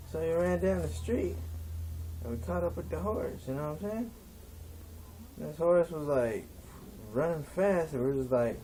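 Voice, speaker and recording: A man's voice: a little high, animated, normal speed, pauses often, dark tone. A man telling a rambling stand-up story in a laid-back stoner drawl, acting out his friends and a cop. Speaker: stand-up comedian.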